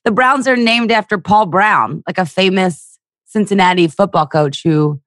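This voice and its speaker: A woman's voice: medium pitch, normal speed, fairly bright tone, dry recording, studio quality. A young woman from the Philadelphia area, a stand-up comedian talking casually on a podcast, telling stories with crude jokes and acted-out voices.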